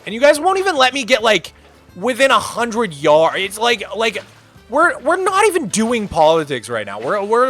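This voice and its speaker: A man in his thirties chatting casually on a live game stream, rambling in an animated way with lots of filler words. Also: sits high, moderate pace, soft background music. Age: 30s.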